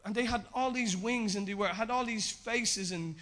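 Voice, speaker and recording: At a moderate pace, a man preaches conversationally, moving back and forth between emphatic, raised delivery and hushed, low repetition.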